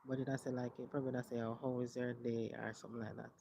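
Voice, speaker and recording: A man chatting casually on a live stream outdoors, rambling and halting with lots of filler words. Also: mid-range voice, little pitch movement, vocal fry, background noise. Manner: rambling and halting, full of "like" and "you know".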